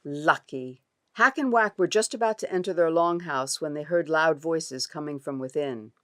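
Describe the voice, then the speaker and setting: A woman's voice: sits low, dry recording. A woman author reading her children's story aloud expressively in a studio. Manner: expressive, unhurried.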